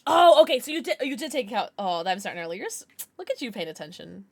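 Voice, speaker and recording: A woman's voice: on the high side, very animated, fast talker, creaky, no room sound. A tired woman livestreaming a game, chatting casually and rambling with her viewers, reading out names and laughing often. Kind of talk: casual chat with viewers while gaming.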